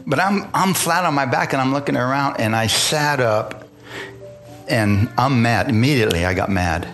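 A man's voice: mid-range voice, expressive, normal speed, a bit bright, soft background music. A man preaching to a congregation, telling his own story and acting out other people's voices, often asking for an amen. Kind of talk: testimony sermon. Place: church in front of a congregation.

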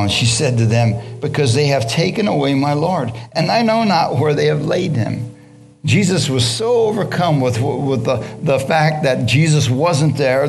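A man's voice: mid-range voice, creaky. A man preaching a sermon, reading scripture then breaking into casual, slangy asides and questions to the congregation.

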